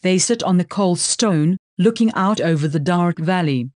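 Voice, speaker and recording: An audiobook narrator reading prose in an even, measured way. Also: medium pitch, dry recording, studio quality.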